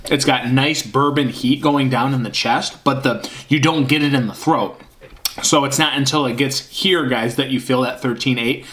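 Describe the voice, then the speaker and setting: A man's voice: mid-range voice, a bit bright. A man casually reviewing a beer on camera, rambling and hunting for words with lots of fillers. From Michigan.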